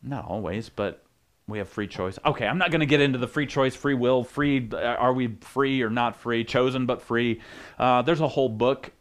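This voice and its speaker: A man's voice: mid-range voice, moderate pace. A man preaching as a pastor, teaching in a casual way with joking asides and frequent restarts.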